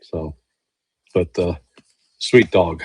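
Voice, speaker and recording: A man who is a guest on a podcast, chatting in a relaxed, agreeable way with some halting restarts. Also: low voice, a little hiss or hum. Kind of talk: casual conversation.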